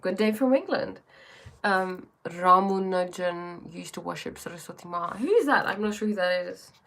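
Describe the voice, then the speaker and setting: A woman's voice: lowish voice, normal speed, fairly bright tone. A woman hosting a live stream who chats casually, greets viewers by name and reads oracle cards aloud, often restarting her sentences.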